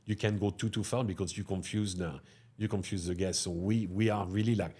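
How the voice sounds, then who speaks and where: Middle-aged french guy in the restaurant biz, kinda low voice, keeps going "no?" at the end of stuff. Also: fairly quick, husky. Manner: animated, tags sentences with "no?" and "huh?". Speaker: restaurateur guest. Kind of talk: storytelling interview talk.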